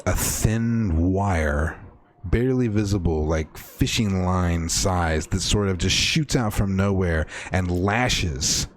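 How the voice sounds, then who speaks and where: A man acting as game master, slowly describing a horror scene in a tabletop game with frequent fillers. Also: sits low.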